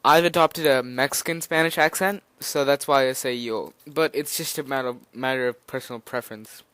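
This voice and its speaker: A young man talks through a beginner's lesson in a loose, slightly nervous way, stopping and restarting his sentences. His voice is smooth and clear, recorded close up with a dry, roomless sound. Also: medium pitch, moderate pace, a bit bright, no room sound. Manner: nervous, rambling, hesitant with fillers and restarts. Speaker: language teacher. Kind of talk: informal spoken lesson.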